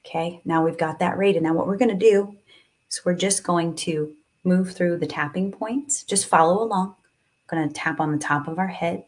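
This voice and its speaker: A woman's voice: on the low side, moderate pace. A woman guiding a live tapping and breathing session, speaking soothingly and coaxingly, with sighs and moments of emotion.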